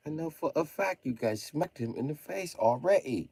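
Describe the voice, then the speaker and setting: A man livestreaming, ranting in mocking tones with sudden shouted bursts and jokey mock British slang. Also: fairly high pitch, expressive, moderate pace, gravelly, hardly any pauses, slightly rough, no echo.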